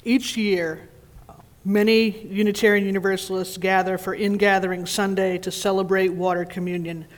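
A man's voice: high-pitched, little pitch movement, moderate pace. A man leading a worship service, speaking in an earnest, reflective way to his congregation. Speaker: worship leader. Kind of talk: sermon-style address. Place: church sanctuary. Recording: reverberant church sanctuary.

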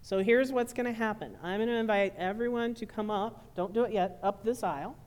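A woman minister ending a sermon and then guiding her congregation through a bread communion in a relaxed, friendly way. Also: fairly high pitch, fairly quick. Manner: warm, informal, directing a congregation. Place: church sanctuary.

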